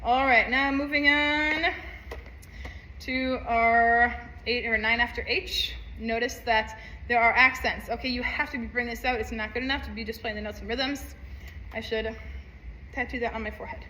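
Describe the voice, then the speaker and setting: A woman's voice: on the high side, steady tone, moderate pace, pushed and bright, reverberant, a little hiss or hum, low-quality recording. A woman teaching a saxophone part, upbeat, counting aloud and singing rhythms. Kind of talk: music lesson walkthrough.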